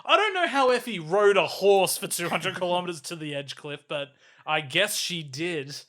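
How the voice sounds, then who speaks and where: An Australian man co-hosting a podcast in casual chat, joking sarcastically and dropping into low mock voices. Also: lively intonation, normal speed, sharp tone. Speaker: podcast co-host.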